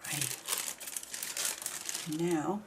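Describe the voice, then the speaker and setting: A woman talks her way through a craft project in a slow, unhurried voice, step by step, muttering small complaints as she goes. Her voice is warm and mellow. A faint hum of room noise sits behind her. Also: deep voice, lively intonation. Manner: chatty, mildly grumbling, talks herself through each step. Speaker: craft video maker. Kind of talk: casual narration while crafting.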